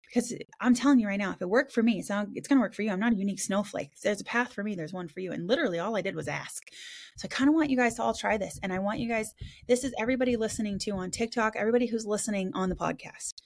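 Fast-talking, excitable woman podcast host. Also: medium pitch, gravelly. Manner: fast, excitable, swears casually; animated storytelling with quoted voices. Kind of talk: casual roundtable podcast chat.

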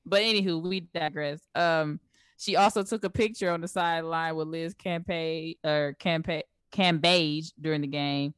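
A young woman with a low, smooth voice co-hosts a casual sports talk show. She laughs often and runs through stats in easy, slangy talk. The sound is dry and close. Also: fairly even intonation, normal speed, dry recording. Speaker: co-host.

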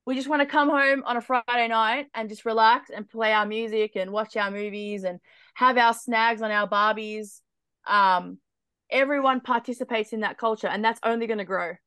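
Chatty Australian woman guest, slightly high pitch, rambling delivery, dry recording. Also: steady tone, normal speed, sharp tone, smooth, no room sound. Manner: rambling, lots of fillers like "like". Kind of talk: casual group chat.

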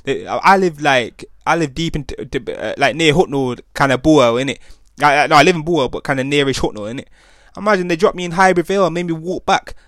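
Fast-talking man, rambling story. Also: on the high side, animated, fairly bright tone, dry recording, clean studio sound. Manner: rambling, slangy, with many restarts and tag questions. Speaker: podcast host. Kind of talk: casual storytelling monologue.

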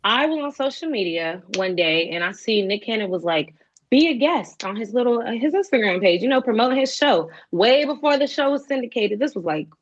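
Animated young woman, lo-fi recording. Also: a little high, a little fast, hardly any pauses. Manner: animated, acts out quoted voices. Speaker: guest. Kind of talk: storytelling in an interview. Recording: dull lo-fi recording.

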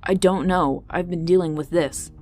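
A woman's voice: lowish voice, steady tone, normal speed, a little mellow, faint music behind, lightly acted. A woman voicing a brash young male warrior who scolds sharply, in a storybook podcast. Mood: brisk.

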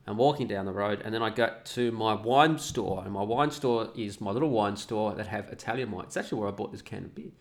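A man's voice: fairly low pitch, brisk, few pauses. Profane ranting man. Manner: profane, ranting, mocking voices. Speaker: vlogger. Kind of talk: casual ranting monologue.

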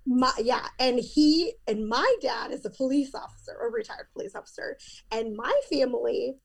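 A woman's voice: sits high, expressive, normal speed, vocal fry, husky. A woman in her thirties, a podcast guest, telling a painful personal story in a candid, emphatic way.

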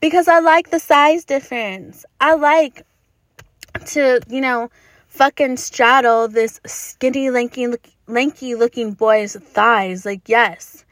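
Young woman doing a solo podcast from her car, swears a ton, laughs a lot, slightly high voice, dry close sound. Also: slow, dry recording. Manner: profane, blunt, laughing often. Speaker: podcast host. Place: inside a car.

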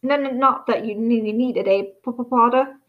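A woman's voice: fairly high pitch, normal speed, lo-fi sound, natural voice. A woman doing a stammering, jittery young professor. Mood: nervous. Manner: heavy stammer.

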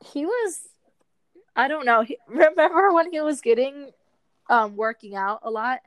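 A young woman with a fairly high voice gabs animatedly as a co-host, swearing freely and getting chores done as she talks. The sound is close and dry, with no room around it. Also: measured pace, no echo, rough recording. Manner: chatty, animated, swears freely, multitasking chores while talking. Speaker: podcast co-host. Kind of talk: casual chat.

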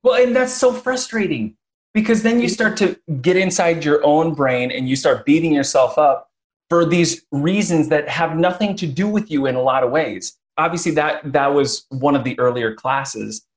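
Man telling animated stories as host. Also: a little high, moderate pace. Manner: animated storyteller, acts out quotes. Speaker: podcast host. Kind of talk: casual conversational interview.

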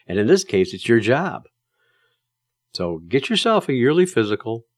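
A man's voice: mid-range voice, very animated, normal speed, dry recording, studio quality. A man giving casual, emphatic advice to drivers, telling stories in a plain-spoken way with plenty of fillers.

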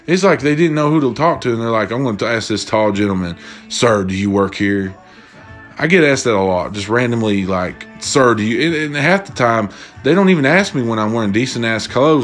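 A young man ranting through casual stories, profane and exasperated. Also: on the low side. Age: young adult. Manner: profane, exasperated, animated retelling. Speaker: storyteller. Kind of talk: casual storytelling rant.

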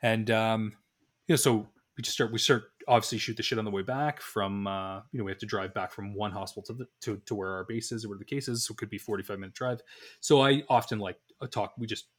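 A man's voice: lowish voice, fast talker. A man in his thirties co-hosting a podcast, telling a long story with many restarts and acted-out dialogue. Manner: rambling anecdotal storytelling with many restarts and animated quoted dialogue. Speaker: podcast co-host. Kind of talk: casual podcast chat.

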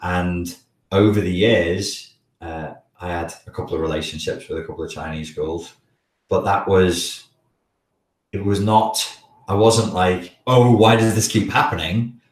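Scouse man, very deep voice, blocked nose, hesitant live chat, roomy sound, distant from the mic. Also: fairly even intonation, unhurried. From the Wirral, England. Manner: hesitant, many restarts, chuckles while talking. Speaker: livestream host answering chat questions.

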